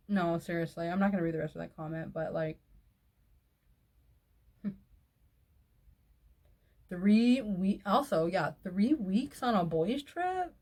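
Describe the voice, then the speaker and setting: A woman's voice: fairly low pitch, expressive, takes it slowly, long pauses, darkish tone. A woman hosting a video, reading posts aloud and breaking in with outspoken, exasperated commentary. She swears freely and laughs often between remarks. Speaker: online video host reading reader posts.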